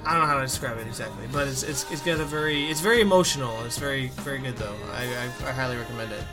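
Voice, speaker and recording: A man co-hosting a music podcast in casual chat, halting and restarting often, laughing easily. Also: medium pitch. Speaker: podcast co-host. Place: city in western Canada.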